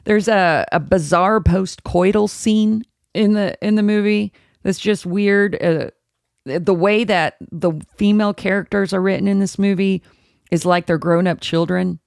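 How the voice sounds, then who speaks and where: A woman host chats through a casual horror movie review with a blunt, profane edge. Her voice has a gravelly rasp at the bottom and sits at a middle pitch. The sound is close-miked and dry, with no room at all. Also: fairly even intonation, a little slow, darkish tone, dry recording.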